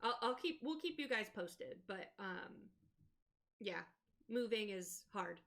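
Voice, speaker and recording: A woman's voice: medium pitch, expressive, takes it slowly, a bit bright. A woman playing a tabletop game, chatting and reading out spell rules. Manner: chatty, reads rules aloud. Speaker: player. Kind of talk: casual tabletop game play.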